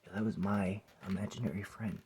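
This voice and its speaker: A man's voice: lowish voice, fairly even intonation, brisk, darkish tone, a little hiss or hum. A man in his forties telling a rambling personal story to camera, swearing often and sometimes dropping to a near whisper. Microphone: phone or camera close by.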